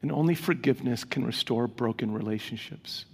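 A man's voice: mid-range voice, a little fast, darkish tone, breathy edge. A man preaching a sermon as a pastor, speaking earnestly and conversationally to his congregation. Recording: long reverb of a large hall.

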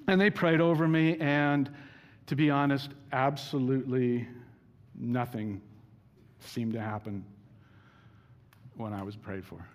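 A man preaching a sermon as pastor, telling a personal story in a casual, self-deprecating way. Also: medium pitch. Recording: reverberant hall.

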